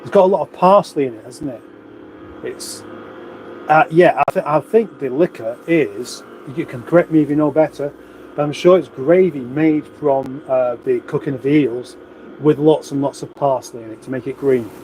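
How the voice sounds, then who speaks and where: A man's voice: mid-range voice, moderate pace, darkish tone, slight background noise, low-quality recording. A middle-aged man from England hosting a casual livestream, rambling on and reading viewer comments aloud. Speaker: livestream host. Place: home room, indoors.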